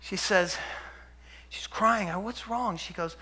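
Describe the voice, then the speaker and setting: A middle-aged man giving a sermon-style testimony, telling stories and acting out the dialogue, dropping to a hush for quoted lines. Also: high-pitched, takes it slowly, long pauses, slightly rough. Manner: storytelling, acts out dialogue, drops to a hush for quotes. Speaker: preacher and health center speaker.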